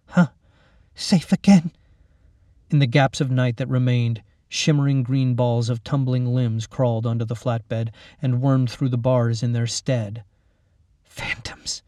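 A man reading a horror story aloud in a steady, measured way, slowing down for grim moments. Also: mid-range voice, no echo, clean studio sound. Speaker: narrator. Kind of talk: scripted horror story narration.

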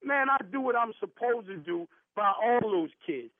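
A defensive, confrontational man who argues in heavy slang over a phone call. His voice is high, and it comes through a tinny, phone-like line that sounds completely dry. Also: expressive, moderate pace, no echo. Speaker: caller. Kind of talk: heated phone argument.

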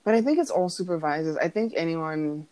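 A woman's voice: sits low, a little fast, no room sound. A young woman from Newfoundland co-hosting a podcast, telling stories in casual chat and acting out the voices of people she quotes. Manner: animated storytelling, acts out quoted voices, laughs often. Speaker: podcast co-host.

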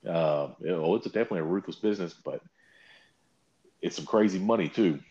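A man chatting casually, telling stories with lively mocking impressions and swearing. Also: brisk, muffled recording. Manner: animated storytelling, mocking quotes with big pitch jumps. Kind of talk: casual chat.

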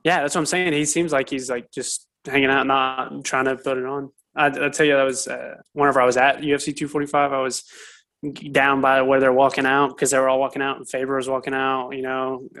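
A man's voice: mid-range voice, little pitch movement, a little fast, a bit bright. Laid-back rambling man chatting. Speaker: co-host. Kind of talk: casual podcast chat.

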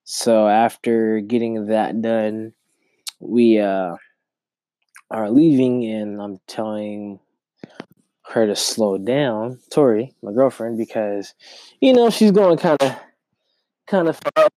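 A man's voice: on the low side, takes it slowly, long pauses, dark tone, no room sound. A young man hosting a podcast alone, telling a rambling, casual story and often repeating himself. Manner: rambling, repeats words while recounting a story. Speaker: podcast host.

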